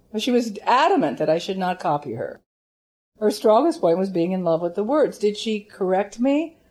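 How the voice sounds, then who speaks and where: An older woman recounts her singing career with lively, storytelling energy. Her voice is mellow and warm, pitched in a middling range. She acts out quoted lines as she goes. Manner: animated storyteller with vivid quoted impressions. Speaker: opera singer recalling her teacher. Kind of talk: reminiscing interview.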